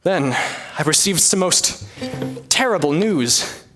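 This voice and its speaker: A man's voice: on the high side, expressive, takes it slowly, music in the background. A young man playing a scheming sheriff who narrates a one-man comedy in a theatrical storytelling manner. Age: young adult. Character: scheming male sheriff narrating his woes.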